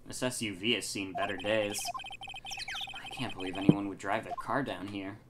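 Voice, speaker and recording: A woman voicing a dry, weary young male lawyer in a game, in a low deadpan tone. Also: moderate pace, heavy background noise. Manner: deadpan, flat.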